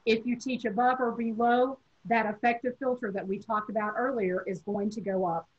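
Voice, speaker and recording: Southern woman, Tennessee-raised, teacher educator lecturing on a webinar; husky, measured delivery, muffled lo-fi call audio. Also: fairly high pitch, fairly even intonation. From Tennessee, USA. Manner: measured, explanatory, addresses teachers directly.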